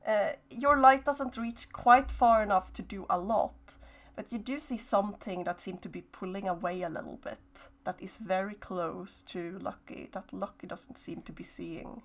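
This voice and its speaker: A woman narrating a horror tabletop game as game master, slow and hesitant with many fillers. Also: mid-range voice.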